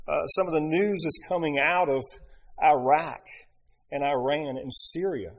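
A middle-aged man preaching a sermon, asking his listeners rhetorical questions and leaning on emphatic pauses. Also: a little high. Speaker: pastor.

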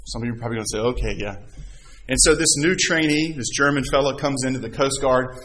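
Pastor, middle-aged man, mid-pitched voice, preaches with stories and rhetorical questions. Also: fast talker, a bit bright, a little hiss or hum, low-quality recording. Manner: storytelling with rhetorical questions and scripture readings. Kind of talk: sermon.

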